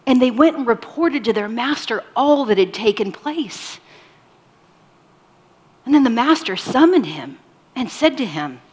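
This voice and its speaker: A woman preaching a sermon, moving between loud emphatic lines and soft whispered ones. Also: on the high side, sing-song, measured pace, long pauses, husky. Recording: long hall reverb.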